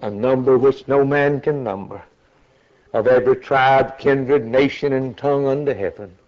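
A man preaching a sermon in a slow, dramatic way, climbing to loud high peaks. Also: dull audio.

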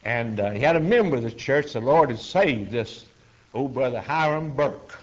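A man preaching, telling a story in a folksy, halting way with frequent fillers. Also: medium pitch, lively intonation. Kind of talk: sermon storytelling. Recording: dull lo-fi sermon recording.

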